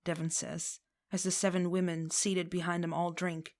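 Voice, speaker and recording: A woman reads a fan fiction story aloud with a lowish voice. She reads expressively, slipping into voices for the characters. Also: level tone, normal speed, hardly any pauses, a little mellow. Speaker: reader.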